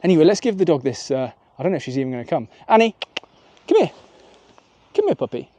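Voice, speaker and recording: Strolling outside with his dog, a political vlogger gives chatty, opinionated commentary and thinks aloud. He speaks quickly in a fairly high, sing-song, mellow voice, captured with lo-fi sound.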